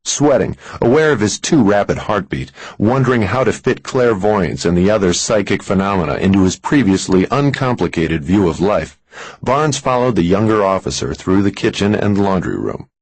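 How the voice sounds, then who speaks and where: A man reading a thriller audiobook in a measured, expressive storytelling manner. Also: fairly low pitch, husky, no echo. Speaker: audiobook narrator. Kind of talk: scripted thriller narration.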